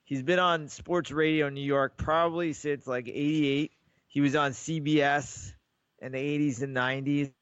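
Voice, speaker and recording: A man's voice: a little high, fairly even intonation, normal speed, fairly bright tone, clear, resonant tone, no echo, dull audio. A man co-hosting a podcast, chatting casually and rambling through stories while acting out the voices of callers. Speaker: podcast co-host. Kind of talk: casual sports chat.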